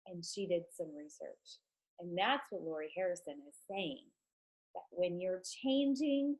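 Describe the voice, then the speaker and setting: A woman's voice: lowish voice, a little mellow, poor audio. Woman, stuffed-up nose, enthusiastic, chatty, lots of ums, casual live stream. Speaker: product seller talking to her team.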